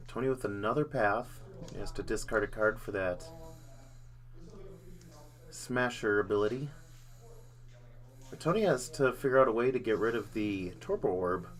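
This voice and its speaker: A man's voice: fairly low pitch, lively intonation, normal speed, pauses often. Joking male card-game commentator. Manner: casual, jokey, hums sound effects. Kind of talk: live play-by-play commentary.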